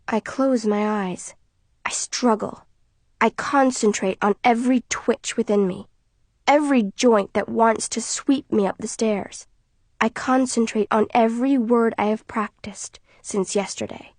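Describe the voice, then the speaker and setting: A woman narrating an audiobook in the first person, her voice set somewhat high. She reads in a quiet, tense manner. The studio sound is dry and close. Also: measured pace, dry recording.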